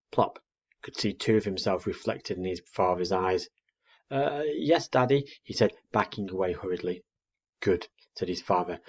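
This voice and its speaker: A man reading a children's book aloud in an expressive way. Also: low-pitched, slightly rough. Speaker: storyteller. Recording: dull muffled recording.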